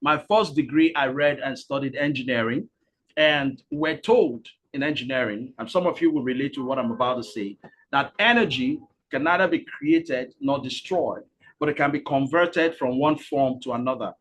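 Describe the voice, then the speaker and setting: A man hosting a live webinar, energetic and repetitive, urging the audience to type into the comments. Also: medium pitch, moderate pace, slight background noise. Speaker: webinar host and speaker.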